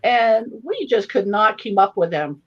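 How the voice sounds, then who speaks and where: A woman author telling a funny family story at a live online event, in an animated, expressive manner. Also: mid-range voice, measured pace, muffled recording. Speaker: author and guest reader.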